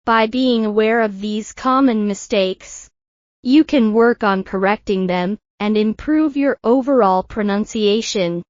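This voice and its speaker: A woman teaching English pronunciation in a scripted lesson, slowly and carefully modelling words for learners to repeat. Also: mid-range voice, no room sound, muffled recording.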